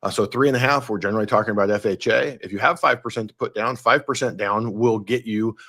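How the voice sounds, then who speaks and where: A man's voice: lowish voice, quick pace, fairly bright tone. A man co-hosting a live podcast, bluntly explaining jobs numbers and mortgage loans in casual commentary. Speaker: mortgage lender, podcast co-host.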